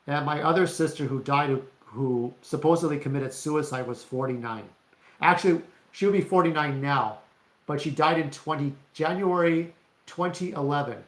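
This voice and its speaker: A man's voice: on the high side, normal speed. Profane ranting man in his forties. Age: 40s. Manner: blunt, profane, with frequent restarts. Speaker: vlogger. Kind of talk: ranting vlog monologue. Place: indoor room. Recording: roomy echo.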